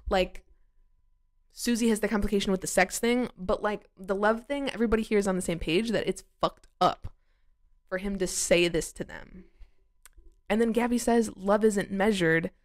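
A woman's voice: medium pitch, moderate pace. Woman vlogger, mid-range voice, chatty and opinionated, says "like" constantly, swears casually while recapping TV. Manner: chatty, lots of "like", swears freely.

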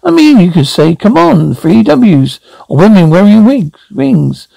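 Sitcom uncle, middle-aged and rambling, with a high, gravelly voice that swoops all over. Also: male voice, very animated, measured pace, warm tone, no echo, full character voice, rough recording. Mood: eager. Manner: eager, rambling explainer. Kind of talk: sitcom acting.

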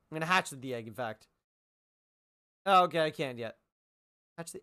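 A goofy male game streamer with a high voice that leaps up and down all over the place. He banters with the characters on screen, repeats lines for comic effect and keeps up a joking running commentary. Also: sing-song, unhurried, gravelly, long pauses, a bit bright. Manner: playful, jokey, talks back at the game characters. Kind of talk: live gaming stream commentary.

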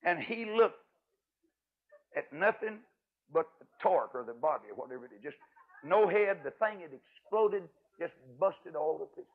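Older preacher man, folksy and emphatic, kinda high voice, tinny radio sound. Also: expressive, moderate pace. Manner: folksy, emphatic, swings from loud to hushed. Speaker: evangelist preacher. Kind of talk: folksy storytelling sermon. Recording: tinny radio broadcast audio.

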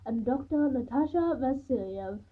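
A chilly, superior lady doctor with a heavy foreign accent, as a woman reads her lines, speaking slowly and calmly in clipped phrases. The voice is fairly high and a bit husky. The sound is thin and tinny, like a phone line. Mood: cold. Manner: slow, calm and clipped.

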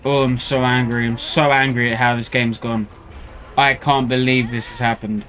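A man streaming gameplay commentary, ranting in frustration with loud swearing outbursts, game music behind him. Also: mid-range voice, flat delivery, moderate pace. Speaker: gaming streamer.

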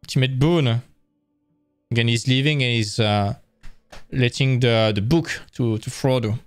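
A man's voice: mid-range voice, measured pace, no echo, faint music behind. Man giving a casual lecture. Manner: casual, restarting, enthusiastic explaining. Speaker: presenter. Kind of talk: live-streamed lecture.

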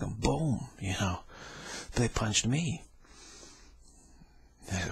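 A man's voice: lowish voice, animated, takes it slowly, creaky, long pauses, fairly bright tone, breathy edge. A man giving a rambling spiritual talk, laughing often and acting out the people he quotes. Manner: laughing, repetitive, acts out quoted voices. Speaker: spiritual teacher.

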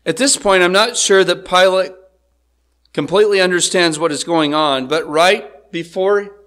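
Male pastor with a high voice, preaching in an easy, chatty way that keeps drawing the congregation in. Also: unhurried, a bit bright. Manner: conversational, asks the congregation "right?". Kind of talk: expository sermon.

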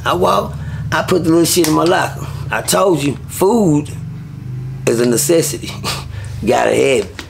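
A man with a gravelly, creaky voice that sits a little high, telling stories as an interview guest. He talks loosely and profanely and stays animated throughout. A faint hiss runs under the recording. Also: normal speed, pauses often. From Texas. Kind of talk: casual storytelling.

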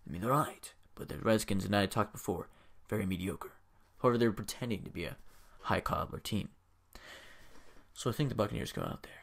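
Young man hyping sports picks, low-pitched. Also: fairly quick, creaky. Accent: says he has a strange accent. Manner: energetic, hyped bursts. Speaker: video host. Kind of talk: casual sports predictions.

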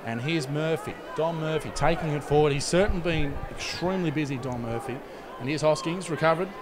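A man giving fast, jokey play-by-play commentary on a rugby league match from a commentary box. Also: fairly high pitch. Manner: rapid, excitable, jokey play-by-play. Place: commentary box at an outdoor ground. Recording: loud crowd and outdoor noise.

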